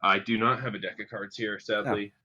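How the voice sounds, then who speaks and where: A man's voice: on the low side, steady tone, brisk, bright, forceful tone, dull audio, slight background noise. A man playing in a tabletop game, talking in an easygoing way and asking plain questions. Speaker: player. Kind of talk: casual tabletop game chat.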